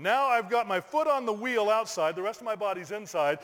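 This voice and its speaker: A middle-aged man, a pastor, telling a lively personal story in a sermon, bursting into shouted exclamations. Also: high-pitched, brisk, few pauses. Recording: long hall reverb.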